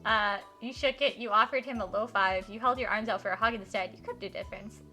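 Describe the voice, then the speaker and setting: Giggly bright-voiced young woman streamer. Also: medium pitch, fast, faint music behind. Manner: giggly, self-deprecating, chatty. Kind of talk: live-stream game playthrough with read-aloud.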